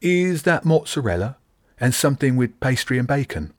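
An eager young rat who is always keen for a fight or a snack, voiced by a male narrator. He talks in a lifted, excited way, higher than the reader's own low voice. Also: normal speed, dry recording, clean studio sound, lightly acted.

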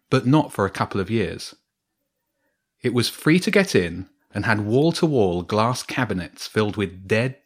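Man narrating a children's story. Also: fairly low pitch. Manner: calm storybook reading. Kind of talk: scripted narration.

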